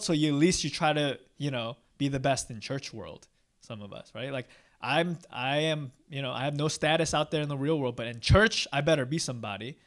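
This young pastor preaches in an easygoing, conversational way, poking fun at himself and often tacking "right?" onto what he says. He has a slightly high voice with a fairly bright tone.

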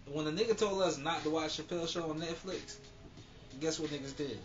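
A man co-hosting a podcast, talking in loose, profane, animated chat and laughing readily. His voice sits at an ordinary pitch and comes through a dull, lo-fi recording. Music plays clearly behind him. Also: fairly quick. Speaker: podcast co-host. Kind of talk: casual chat.

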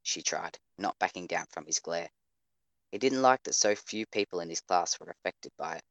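A man narrating an audio drama in a measured, steady storytelling manner. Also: deep voice, no echo. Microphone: home microphone over voice chat.

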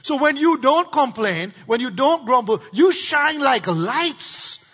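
Pastor guy preaching, high husky voice, dull sound, big echoey church hall. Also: sing-song, takes it slowly, a bit bright. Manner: call-and-response preaching with congregation prompts. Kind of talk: sermon. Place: church sanctuary.

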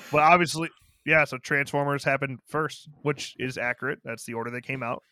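A man's voice: mid-range voice, pushed and bright, no room sound, clean studio sound. A man co-hosting a podcast, joking and swearing as he chats about a horror movie. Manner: joking, swears, laughs at his own stories. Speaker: podcast co-host. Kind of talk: casual movie review chat.

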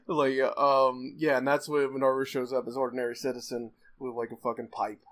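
A man in casual chat, rambling excitedly with frequent laughs and fillers. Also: medium pitch, brisk.

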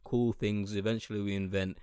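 A man's voice: lowish voice, level tone, fairly quick, darkish tone, clear, resonant tone, dry recording, studio quality. A young man hosting a podcast, ranting in a profane, sarcastic and scornful way. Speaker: podcast host. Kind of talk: casual podcast rant.

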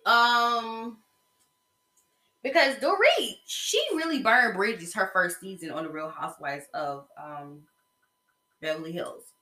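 Southern woman gossiping on her podcast, blunt and slangy, bright voice, echoey room. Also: medium pitch, animated, slow. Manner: blunt, chatty, with slang and fillers. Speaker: podcast host. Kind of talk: casual gossip monologue.

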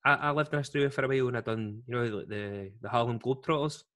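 This is a Scottish man spinning a story in a loose podcast chat. He is animated and full of slang, and he drops into the voices of the people in his story. His voice sits in an ordinary middle range. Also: medium pitch, fast. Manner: lively storyteller, slangy, acts out quotes. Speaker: guest telling a story.

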